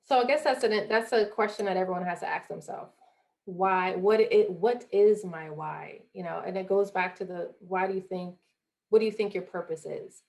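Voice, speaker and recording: Gravelly-voiced young woman from Jamaica. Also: mid-range voice, normal speed, darkish tone. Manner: earnest, acts out quoted voices. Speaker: guest, former college athlete. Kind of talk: motivational interview talk.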